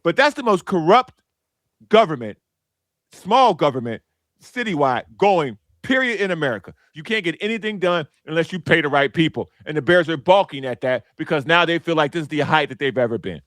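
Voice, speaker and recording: A man from Chicago on a sports podcast, telling a story in a lively, mocking way and doing little impressions of people. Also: a little high, fairly quick, no room sound, studio quality. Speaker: podcast panelist. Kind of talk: casual sports chat.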